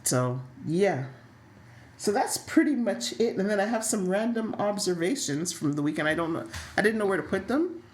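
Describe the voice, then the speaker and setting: A woman co-hosting a casual soap opera recap, telling stories in a lively, sassy way with frequent laughs. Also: mid-range voice, moderate pace, roomy sound. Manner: animated, laughing, sassy storytelling. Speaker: podcast co-host.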